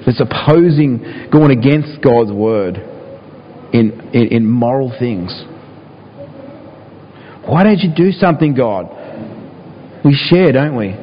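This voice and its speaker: A man's voice: mid-range voice, a little hiss or hum. A man preaching a sermon, sometimes acting out pleading prayers in a raised voice. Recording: dull, reverberant hall.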